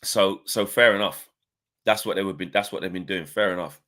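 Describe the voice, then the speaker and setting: A man's voice: low-pitched, steady tone, a little fast, fairly bright tone. A man co-hosting a casual football fan podcast, rambling through his points with lots of "you know" asides.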